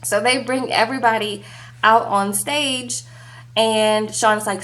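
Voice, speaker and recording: A woman's voice: mid-range voice, slow pace. A young woman recapping reality TV in a casual, sassy, gossipy way, peppering her talk with "like" and "okay". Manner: animated, sassy, heavy use of "like" and "okay".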